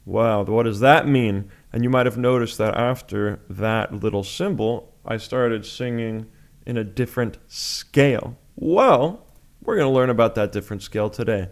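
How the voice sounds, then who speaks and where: A man's voice: medium pitch, normal speed, vocal fry. A man teaching chant in a music lesson, explaining step by step with patient, plain talk and sung examples.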